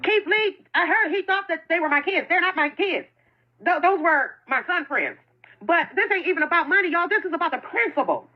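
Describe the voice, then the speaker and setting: A woman's voice: extremely high pitch, lively intonation, fairly quick. A woman who owns a food truck, speaking an impassioned and defensive statement in which she often repeats herself. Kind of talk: emotional self-made video statement. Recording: dull lo-fi phone audio.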